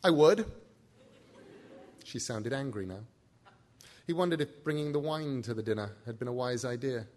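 A man narrating a novel in an easygoing reading voice. He now and then steps out of the story for a quick aside to the listener. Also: medium pitch, a little mellow, long reverb tail. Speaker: audiobook reader.

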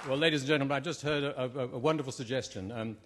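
A man's voice: medium pitch, rapid-fire, fairly bright tone, a faint crowd. Wry British man debating on stage. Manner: wry, hesitant with many ums and uhs. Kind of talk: formal debate speech.

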